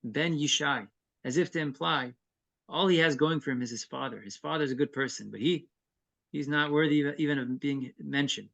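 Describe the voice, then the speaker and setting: Male scripture teacher with a bright, forceful tone who explains verse by verse. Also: a little high, moderate pace, vocal fry. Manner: reads Hebrew verses then explains them; earnest and explanatory, with brief chuckles. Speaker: Torah class teacher. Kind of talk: evening text-study class.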